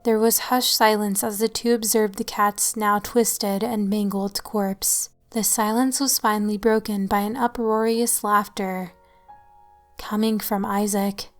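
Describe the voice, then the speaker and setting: A woman's voice: mid-range voice, steady tone, a little slow. Woman narrating a horror story. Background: faint music.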